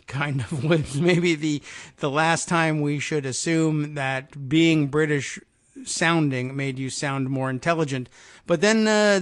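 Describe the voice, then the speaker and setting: A middle-aged man hosts a casual political talk radio show, his voice sitting a touch higher than most men's. He wanders from thought to thought in a wry, offhand way, full of fillers and side remarks. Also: a bit bright. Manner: meandering, wry, with frequent fillers and asides.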